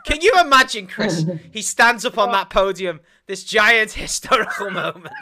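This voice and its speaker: A podcast co-host in casual comedy banter who swears freely and keeps breaking into loud, giddy laughter. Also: mid-range voice, expressive, moderate pace, few pauses.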